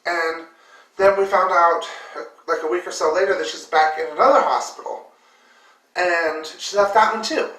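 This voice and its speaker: A woman's voice: lowish voice, moderate pace, fairly bright tone. A woman vlogger telling a personal story with emotion, full of fillers and repeated words. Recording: roomy echo, distant mic.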